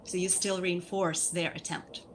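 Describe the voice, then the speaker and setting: Her voice sits on the low side, unhurried and with little pitch movement. She's a speech therapist guest instructing parents on speech activities for young kids, going over key points again patiently and tacking "okay?" onto each one.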